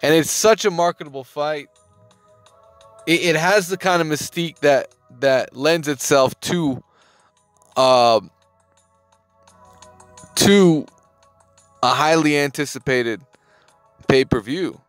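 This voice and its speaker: High-voiced emphatic man commenting. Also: takes it slowly, pauses often, no room sound, soft background music. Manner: emphatic slangy talk, repeats phrases, swears. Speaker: boxing news host. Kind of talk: casual commentary to camera.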